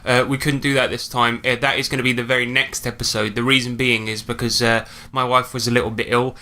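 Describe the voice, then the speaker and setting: A man's voice: mid-range voice, little pitch movement, fast talker, sharp tone. A man hosting a podcast in casual chat, joking and rambling with plenty of fillers. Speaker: podcast host.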